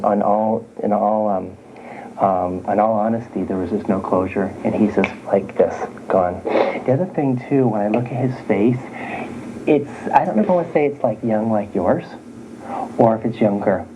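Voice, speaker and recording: A man's voice: fairly low pitch, dark tone, a little hiss or hum. A man working as a psychic medium, giving a chatty live reading to sitters, circling back to restate his points. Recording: dull lo-fi recording.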